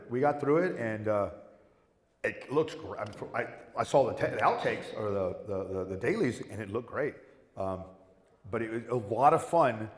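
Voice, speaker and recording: A middle-aged man telling rambling, profane stories as a guest on a convention panel. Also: mid-range voice. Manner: rambling, profane, animated storytelling with whoops. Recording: echoey hall with long reverb.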